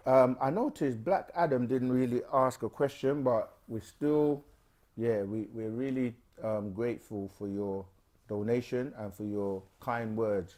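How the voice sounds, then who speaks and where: A man hosting a live question-and-answer stream, explaining things in a loose, unhurried way with plenty of fillers. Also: medium pitch, a little mellow. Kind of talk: casual explanatory talk.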